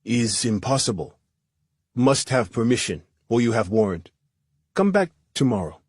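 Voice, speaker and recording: A man's voice: medium pitch, big pitch swings, unhurried, slightly rough, no echo, studio quality. A man voicing a nervous male security guard with a Middle Eastern accent and clipped, broken phrasing.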